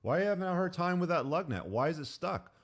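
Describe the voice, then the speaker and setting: Give me a man imitating a taunting wife, whiny, pitched up. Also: very animated, fast talker. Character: nagging mocking wife, adult woman.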